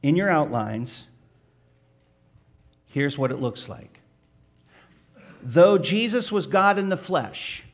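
A man preaching a sermon, addressing the listeners directly with questions and building emphasis on key points. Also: high-pitched. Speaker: pastor.

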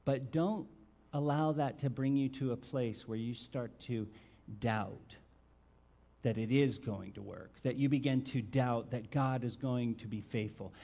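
A male pastor preaching a sermon and reading scripture, asking his listeners direct questions and stressing key words by swinging his loudness. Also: mid-range voice, a little slow, gravelly. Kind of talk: expository sermon with Bible reading.

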